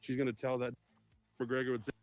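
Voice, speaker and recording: A man's voice: mid-range voice, completely flat delivery, a little fast. Sarcastic man mocking on a livestream. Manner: mocking, sarcastic asides to viewers. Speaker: auditor filming in public. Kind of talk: livestream commentary from a played clip.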